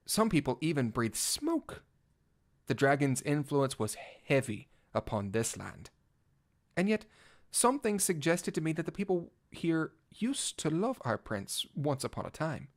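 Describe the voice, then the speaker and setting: A man's voice: fairly high pitch, big pitch swings, measured pace. A man voicing a vain, gallant male cat-knight bard in a fan audio drama, speaking in flowery, old-fashioned words and shifting from pompous to flustered. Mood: wry. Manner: theatrical, swinging from pompous to flustered. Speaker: narrator. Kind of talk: first-person fan audio drama reading.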